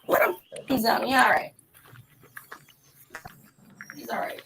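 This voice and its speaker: Gravelly, bright-voiced woman chatting. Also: on the high side, animated, slow pace, slight background noise, low-quality recording. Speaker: livestream host. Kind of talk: casual chat.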